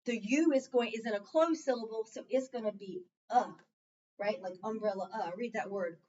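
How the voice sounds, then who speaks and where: A woman's voice: a little high, moderate pace, darkish tone. A woman teaching a small group of children to read, patiently leading call-and-response drills in a classroom. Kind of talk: classroom reading lesson. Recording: distant, muffled classroom recording.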